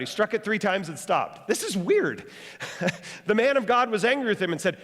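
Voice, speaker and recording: Fast-talking pastor preaching in a hall. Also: male voice, high-pitched. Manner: fast-talking, rising to animated bursts; joking, conversational. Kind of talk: sermon. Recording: long hall reverb.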